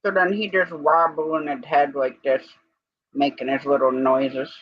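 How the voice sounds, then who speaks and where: A woman's voice: sits low, level tone, unhurried, slightly rough, no echo. A woman co-hosting a live stream in a casual, rambling chat, breaking off now and then to give commands to her dog. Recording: dull lo-fi stream audio.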